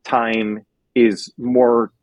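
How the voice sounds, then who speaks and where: A man's voice: mid-range voice, little pitch movement, extremely slow, darkish tone, no room sound, highs cut off. A man, a podcast guest and entrepreneur, telling his own story candidly and earnestly, at times close to tears. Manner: earnest, emotional, nearly tearful at times.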